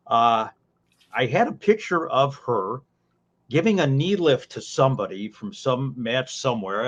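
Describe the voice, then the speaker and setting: A man swapping old stories on a podcast, taking his time and padding his lines with fillers and folksy asides. His voice sits at a middling pitch. The audio comes through a little dull and lo-fi. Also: a bit bright. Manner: unhurried storyteller with many fillers and folksy asides. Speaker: podcast co-host, former ring announcer. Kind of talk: casual podcast chat.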